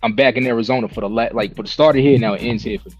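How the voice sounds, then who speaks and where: A man's voice: medium pitch, racing, faint music behind. A man in his thirties from New Jersey, a podcast guest talking casually about his Air Force years in laid-back slang. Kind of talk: casual chat.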